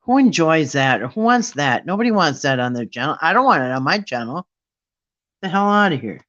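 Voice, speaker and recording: A man's voice: on the high side, very animated, fast talker, a bit bright, lo-fi sound. A man hosting a casual live stream, talking in an indignant, mocking way and rambling with restarts. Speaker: livestream host.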